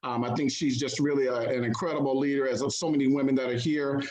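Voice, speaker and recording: A man's voice: medium pitch, level tone, fast, echoey room, a crowd in the background, low-quality recording. A man hosting an online community call, encouraging and a little hesitant, with many fillers. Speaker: host.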